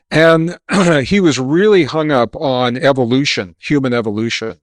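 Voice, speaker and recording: A man guesting on an interview talks with confident, explanatory energy, shifting between storytelling and lecturing. His voice sits at a middle pitch, and the sound is dry. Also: normal speed, dry recording. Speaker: guest author.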